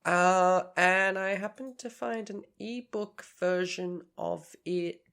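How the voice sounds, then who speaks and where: Animated podcast co-host telling a story. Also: medium pitch, takes it slowly, vocal fry, clean tone. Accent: put-on Southern US for the story. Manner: laughs often, swears, animated storytelling. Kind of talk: casual storytelling chat.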